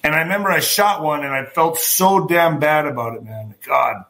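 A man with a forceful, bright voice sitting a little high for a man, telling stories in a loose, rambling way. He drifts between anecdote and news commentary, speaking right to his listeners as folks. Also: moderate pace. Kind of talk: casual storytelling and news commentary.

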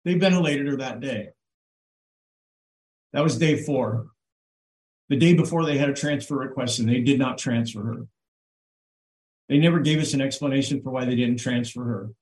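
A man telling a personal story on a livestream in an earnest, halting way, with many fillers and restarts. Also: medium pitch, a little mellow, roomy sound, poor audio. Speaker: guest on a livestream. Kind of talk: emotional personal account.

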